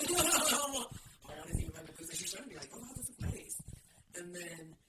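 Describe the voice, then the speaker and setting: A woman's voice: lowish voice, very animated, moderate pace. A woman, co-hosting a podcast in casual chat and telling blunt, swear-filled stories. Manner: swears a lot, blunt storyteller. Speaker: podcast co-host. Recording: noisy podcast recording.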